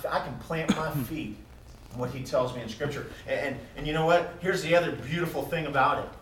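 A man preaching a sermon as pastor, moving between quiet musing and loud, emphatic declarations. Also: medium pitch. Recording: echoey room heard from a distance.

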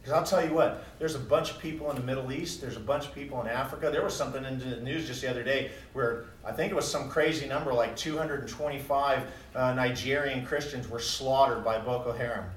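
A man preaching a sermon as pastor, moving between quiet musing and loud, emphatic declarations. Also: medium pitch, fairly even intonation, fast talker, hardly any pauses, a little hiss or hum. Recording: echoey room heard from a distance.

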